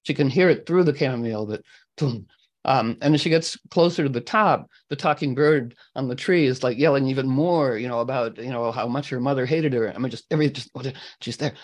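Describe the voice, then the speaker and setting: Male host, mid-pitched, rambling storyteller who keeps clearing his throat. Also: fairly quick, low-quality recording. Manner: meandering, clears throat often. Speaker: astrology talk host. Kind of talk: storytelling to a group.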